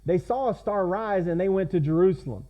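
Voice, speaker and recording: A man with a slightly high voice preaches to his congregation, talking in a conversational way and checking in with questions. The recording is a little dull and lo-fi. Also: brisk, mellow. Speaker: pastor. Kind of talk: sermon.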